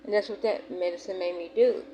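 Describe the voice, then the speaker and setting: A woman's voice: on the low side, steady tone, a little fast, mellow, slight background noise, poor audio. A young woman, talking candidly and emphatically to her viewers in a personal vlog, rambling and restarting as she goes.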